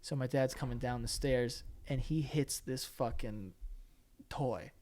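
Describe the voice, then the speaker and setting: A man's voice: mid-range voice, a little slow. A young man casually telling funny family stories on a podcast, laughing often and acting out voices. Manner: animated storyteller, laughs often, acts out voices. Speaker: podcast co-host. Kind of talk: casual storytelling chat.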